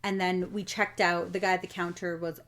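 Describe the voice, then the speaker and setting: A woman in her twenties co-hosting a podcast, chatting casually and filling in details of the story in a low-key way. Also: little pitch movement, a little fast, fairly bright tone. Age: 20s. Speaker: podcast co-host.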